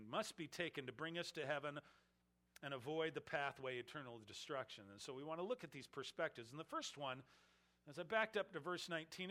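A man preaching an expository sermon, earnestly explaining scripture, slowing down on key phrases and letting his voice drop soft at the ends of sentences. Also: a little high. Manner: slows for emphasis, drops soft at phrase ends; earnest, explains Greek terms. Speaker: pastor.

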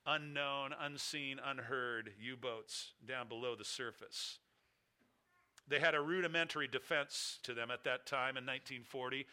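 A man's voice: on the high side, pushed and bright. A man preaching a sermon, telling a story in emphatic, repeated phrases that build toward a question of faith. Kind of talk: sermon illustration.

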